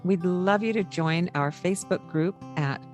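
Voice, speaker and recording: A woman co-hosting a parenting podcast coaches in a casual chat, warmly acting out what to say to a child. Her voice sits on the low side at a moderate pace. The audio has the highs cut off and soft background music.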